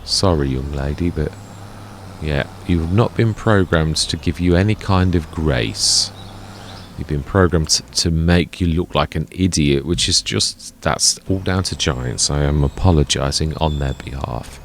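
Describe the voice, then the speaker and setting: Man, chatty, self-correcting, gameplay commentary, low gravelly voice. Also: measured pace, a little hiss or hum. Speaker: gaming let's play host.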